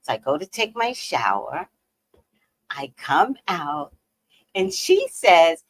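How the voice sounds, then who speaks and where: Lively woman host telling stories. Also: deep voice, takes it slowly, pauses often, rough recording. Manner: animated storyteller, laughs often, swings between loud and hushed. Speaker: live stream host. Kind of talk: casual chat with viewers.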